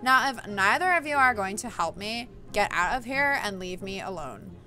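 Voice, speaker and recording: A woman's voice: medium pitch, lively intonation, normal speed, pushed and bright, faint music behind. A woman voicing a bossy, haughty young stepsister with a put-on posh accent, reading a visual novel aloud. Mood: cold. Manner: cold, imperious, dismissive.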